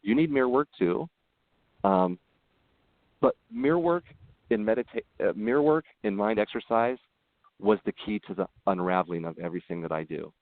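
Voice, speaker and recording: Earnest low-voiced man on a tinny line. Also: normal speed, no echo. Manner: earnest, animated storytelling with frequent restarts. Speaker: podcast guest. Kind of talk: casual interview conversation.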